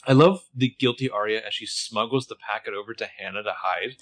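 A man's voice: fairly low pitch, brisk. A man co-hosting a casual TV recap podcast, chatty and joking. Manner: chatty, with playful jokes. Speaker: podcast co-host.

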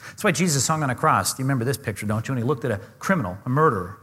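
Emphatic preacher in a reverberant hall. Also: male voice, medium pitch, lively intonation, rapid-fire, a bit bright, husky. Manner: earnest, emphatic, asks the congregation questions. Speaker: pastor. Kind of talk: sermon.

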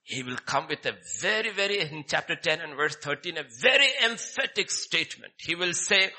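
A man's voice: high-pitched, expressive, normal speed, few pauses, pushed and bright. A man preaching a sermon, emphatic and repetitive, firing off rhetorical questions. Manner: emphatic, repeats key phrases, rhetorical questions.

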